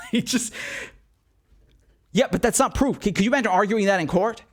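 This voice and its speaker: A young man gives casual political commentary in an animated, sarcastic way. His voice sits somewhat high. He laughs often and circles back to repeat his points. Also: fairly quick, pauses often.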